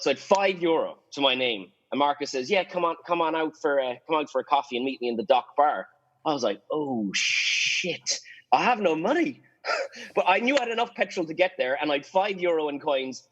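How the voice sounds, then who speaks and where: An Irish man, a guest on a podcast, telling stories in a casual, lively way and acting out the voices of people he quotes. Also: fairly high pitch, highs cut off. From Ireland. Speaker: guest, sailing photographer.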